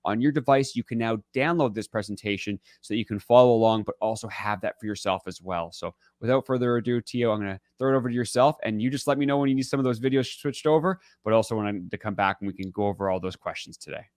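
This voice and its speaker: A man's voice: fairly low pitch, fast talker, hardly any pauses, dry recording, studio quality. A man hosting a live online investor conference over a video call, upbeat and loose, with many fillers and restarts. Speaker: conference host. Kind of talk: live webinar introduction.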